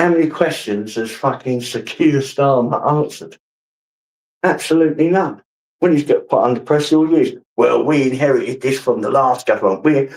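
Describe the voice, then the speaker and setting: A man on a live stream, telling rambling stories full of swearing. His voice sits at an ordinary middle pitch. He talks straight to his chat in a loose, offhand way. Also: darkish tone, poor audio. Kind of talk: casual live-stream rant.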